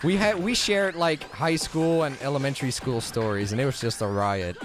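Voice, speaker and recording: A man chatting playfully and quickly on a stream with friends. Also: mid-range voice, over music. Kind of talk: casual chat.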